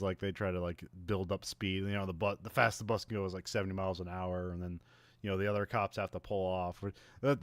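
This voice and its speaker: A man with a fairly low voice talks through a movie plot in a loose, rambling podcast chat. He laughs often and leans on fillers as he goes. The sound is dry and close, with no room around it. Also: no room sound. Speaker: podcast co-host. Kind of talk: casual movie recap chat.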